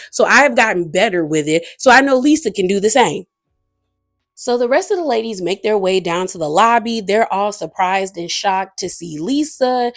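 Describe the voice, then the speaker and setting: A woman talks through a reality show episode in a loose, chatty recap, dropping opinions as she goes. Her voice sits a little low for a woman, and she fills her pauses with casual fillers.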